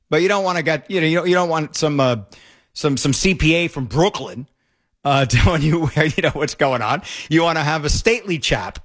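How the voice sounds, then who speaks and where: Middle-aged male talk radio host, opinionated, sarcastic, rambling; a touch higher than most men. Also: fairly bright tone.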